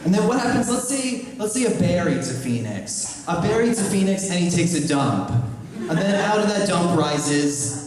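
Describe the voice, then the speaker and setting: A young man performing a stand-up comedy set in a small live venue, delivering deadpan absurd one-liners and the occasional shouted animal voice. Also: sits high, moderate pace. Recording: echoey room taped from far off with crowd. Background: audience laughter.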